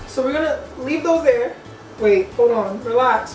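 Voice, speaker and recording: A woman's voice: fairly high pitch, lively intonation, a little slow. A young woman cooking at home and chatting playfully to her viewers in a casual, slangy way. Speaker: cooking vlogger. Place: home kitchen. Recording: echoey kitchen, mic at a distance. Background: music playing.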